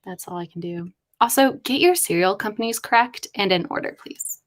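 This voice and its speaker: A woman chats on a live stream while she writes. She talks through her ideas aloud in a loose, rambling way and tosses in quick asides. Her pitch sits in the middle. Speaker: writer livestreaming with chat. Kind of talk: casual live-stream chat.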